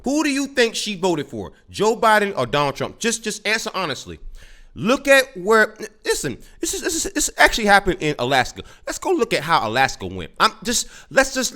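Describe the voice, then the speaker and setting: A man's voice: high-pitched, bright, forceful tone. A man hosting a reaction commentary, ranting with indignant, profane outbursts. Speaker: commentary host.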